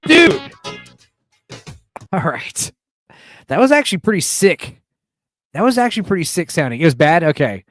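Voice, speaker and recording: Rambling and profane, this American livestream host reads out chat messages and replies to viewers with plenty of animation. He speaks a little fast in a slightly high voice, pausing often. Soft music plays behind him, and there's no room sound.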